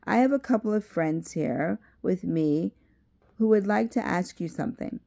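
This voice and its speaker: A woman's voice: mid-range voice, lively intonation, moderate pace, vocal fry, warm tone, pitched above the performer's own voice. A woman reading aloud as a confident male author who speaks with a southern drawl. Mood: friendly. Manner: confident and storytelling.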